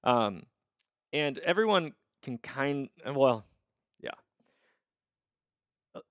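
Man, podcast host, reflective, emphatic, restarts sentences, dry sound, mid-pitched. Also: expressive, very slow, pauses often, smooth, no echo. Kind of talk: casual conversation. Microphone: video call.

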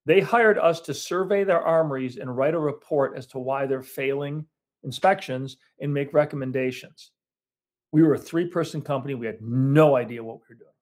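A man's voice: medium pitch, normal speed. A man, a business owner, telling his story in a casual interview with many restarts and fillers. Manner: rambling, self-correcting storyteller.

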